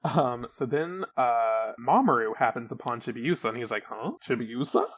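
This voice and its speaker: A man hosting a casual podcast and recapping a comic. He tells it in an animated way, jumping into high-pitched voices for the characters and swearing casually. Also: moderate pace. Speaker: podcast host. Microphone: desk mic.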